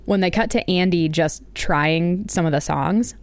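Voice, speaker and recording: Dry, lower-voiced woman co-host. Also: measured pace, dry recording. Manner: wry, teasing quips. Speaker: podcast co-host. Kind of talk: casual chat recapping a TV episode.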